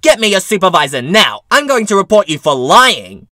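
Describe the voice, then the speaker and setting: A man's voice: fairly high pitch, wildly swooping pitch, moderate pace, sharp tone, no room sound, studio quality, pitched above the performer's own voice, full character voice. A man voicing a pushy, entitled middle-aged mother who argues indignantly with a cashier. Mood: furious. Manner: indignant, demanding, screaming at times.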